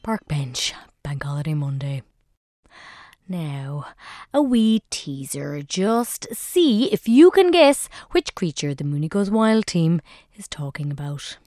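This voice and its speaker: A woman presenting a radio show in a relaxed, chatty way. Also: low voice, slow, no room sound, clean studio sound.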